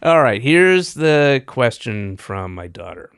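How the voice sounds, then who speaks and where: A man's voice: mid-range voice, big pitch swings, takes it slowly, hardly any pauses, a bit bright, smooth, dry recording. A middle-aged man hosting a podcast, chatting casually with a dry, rambling, self-deprecating manner. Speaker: podcast host. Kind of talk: casual comedic chat.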